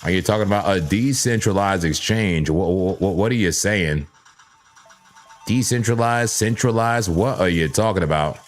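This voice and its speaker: A man with a low, deep voice hosts a casual live trading stream. He chats playfully with his viewers, repeats words and corrects himself as he goes, and keeps up a loose, conversational flow over his charts. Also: normal speed, faint music behind. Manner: playful, chatty, talks straight to chat viewers. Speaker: livestream crypto trading host.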